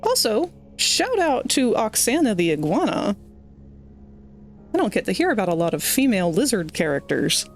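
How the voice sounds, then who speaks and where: A woman's voice: mid-range voice, big pitch swings, moderate pace, faint music behind. Maryland woman streaming, chatty and rambly, keeps losing her train of thought. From Maryland, United States. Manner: rambling, chatty storytelling with self-deprecating asides. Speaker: livestreamer. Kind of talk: casual chat while gaming.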